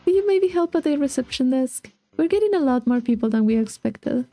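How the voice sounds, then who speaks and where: A woman's voice: high-pitched, expressive, fairly quick, dark tone, no echo, faint music behind. A woman voicing a sleepy, polite male bird teacher who asks for help mildly.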